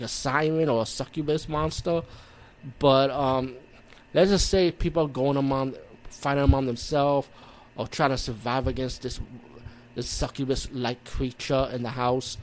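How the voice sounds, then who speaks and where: New york guy from the bronx rambling thru a horror movie recap, swears a lot, acts out his reactions. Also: mid-range voice. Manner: rambling, profane, animated retelling with acted-out reactions. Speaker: movie reviewer.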